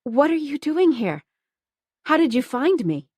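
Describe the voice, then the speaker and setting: A woman's voice: sits high, very animated, unhurried, darkish tone, dry recording, studio quality, voice pushed up. A woman narrator voicing an anxious young orphan woman with an urgent, breathless manner. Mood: agitated.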